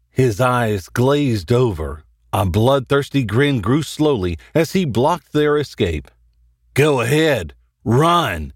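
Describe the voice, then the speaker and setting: A man hosting and narrating a horror story in a dramatic, animated reading. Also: medium pitch, no echo, studio quality. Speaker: host and narrator.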